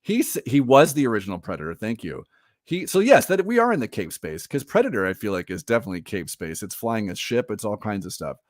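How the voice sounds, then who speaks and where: A man co-hosting a casual pop-culture chat show, animated and laughing often. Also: lowish voice, quick pace, no echo, clean studio sound. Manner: animated, laughs often, slips into mock voices. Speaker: podcast co-host.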